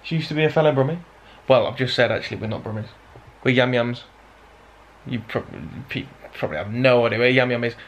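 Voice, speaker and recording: The clip features a Black Country vlogger from Dudley, England, talking casually to camera, rambling and self-deprecating in his local accent. His medium-pitched voice moves at a quick pace, and the recording is muffled.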